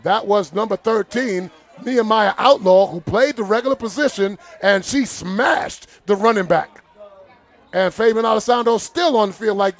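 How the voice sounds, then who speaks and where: A male play-by-play announcer with a notably high voice calls a live football game. He talks loosely and with feeling, and keeps turning indignant and exasperated. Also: normal speed, some chatter behind. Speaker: play-by-play commentator. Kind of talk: live sports commentary.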